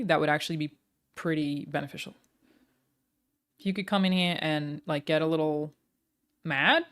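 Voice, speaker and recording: An Australian woman livestreamer chatting casually with her viewers, joking and self-deprecating. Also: fairly low pitch.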